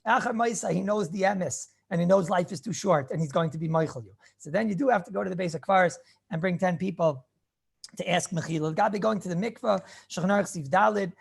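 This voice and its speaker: A man's voice: sits high, quick pace, gravelly, breathy edge. A male rabbi giving an informal, rambling class on Jewish law, repeating words and restarting phrases, mixing Hebrew and Yiddish terms into his English.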